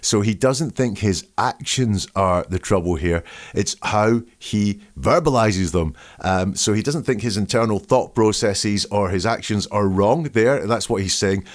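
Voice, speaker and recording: Lowish man doing analytical commentary. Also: a little slow. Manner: emphatic, dissecting phrases word by word. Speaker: host analysing language.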